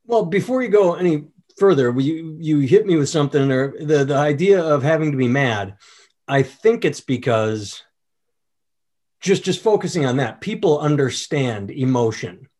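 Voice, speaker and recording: A man's voice: fairly high pitch, lively intonation, normal speed, darkish tone. A man in casual chat, thinking aloud and swearing casually.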